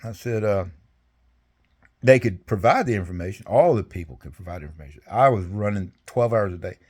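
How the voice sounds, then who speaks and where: A man's voice: on the low side, lively intonation, a little fast, a little mellow. Older man telling rambling, salty stories. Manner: rambling, folksy, salty, chuckling. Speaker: veteran interviewee. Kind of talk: casual storytelling interview.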